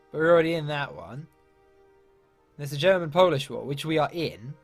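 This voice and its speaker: A man from England commenting casually on a strategy game, thinking aloud and muttering asides. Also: fairly high pitch. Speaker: let's play gamer. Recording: faint game music behind.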